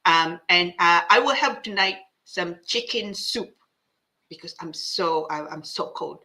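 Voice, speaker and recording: Woman host, breezy English with asides, forceful bright tone, rambling fillers. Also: lowish voice, measured pace. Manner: chatty, mixes English with Tagalog, frequent fillers and restarts. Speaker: host reading viewer comments. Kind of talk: casual live-show chat.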